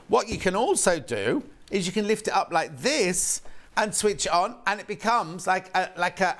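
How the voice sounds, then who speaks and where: A man presenting on a shopping channel, chatting in a rambling, excitable way while demonstrating a product live. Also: sits high. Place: TV studio.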